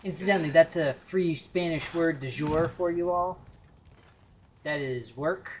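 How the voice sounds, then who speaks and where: Rambly joking guy streaming a game, talks slow, bit of noise behind. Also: fairly high pitch. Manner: rambling, jokey, self-interrupting. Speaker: gaming streamer. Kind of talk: casual gameplay commentary.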